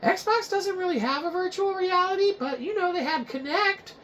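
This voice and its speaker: A man voicing a nitpicking male heckler in a squeaky, mocking whine within a comedy rant. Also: moderate pace, bright, forceful tone, lo-fi sound, slight background noise. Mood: nagging. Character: nitpicking heckling male viewer, whiny and high. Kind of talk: comedic rant with acted voices.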